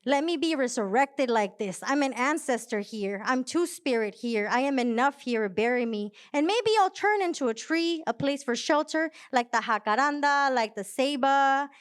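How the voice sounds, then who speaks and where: Woman, young adult, spoken word poet, live performance, smooth clear voice, slightly high pitch, measured emphatic delivery. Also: expressive. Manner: soft-spoken, hesitant chat before the poem; measured, emphatic poetry recitation. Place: live venue.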